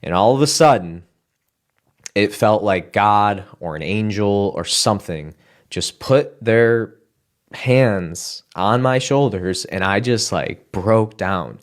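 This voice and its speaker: A man's voice: on the low side, expressive, takes it slowly. A man earnestly telling his personal testimony in a casual, emotional way, with frequent restarts and fillers. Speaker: speaker sharing a personal testimony.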